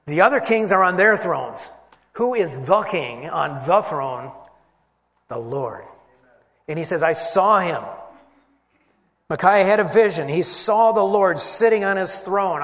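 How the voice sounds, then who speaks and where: Animated man preaching in a reverberant hall. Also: a little high. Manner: animated, voices quoted figures, swings from loud to hushed. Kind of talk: expository Bible teaching.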